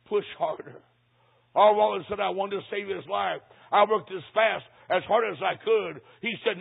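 An older man preaches in a high, gravelly voice with a husky edge, drawing out his words for drama. The sound is thin and tinny, like a phone line. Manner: dramatic storyteller, slows for emphasis. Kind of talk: sermon storytelling.

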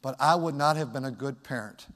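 Loud preaching man in an echoey hall. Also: mid-range voice, a little fast. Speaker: pastor. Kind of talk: sermon.

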